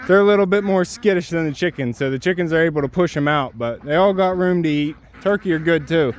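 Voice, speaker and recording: A fairly high-voiced man narrating his farm chores in an easy, chatty way, recorded outdoors on a camera mic. The sound is a little dull and lo-fi, with faint barnyard ambience and fowl sounds behind him. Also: fast, slight background noise. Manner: chatty, talks to his animals while working. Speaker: homestead vlogger.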